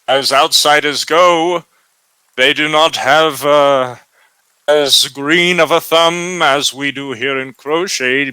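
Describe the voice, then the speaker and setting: A man's voice: mid-range voice, pushed and bright, smooth, no room sound, poor audio. Man playing a smug middle-aged farmer, condescending, tabletop game. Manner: condescending, dismissive.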